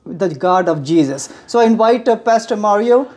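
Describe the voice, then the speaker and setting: Man in a debate, calm and measured, light voice. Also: high-pitched. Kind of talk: debate statement.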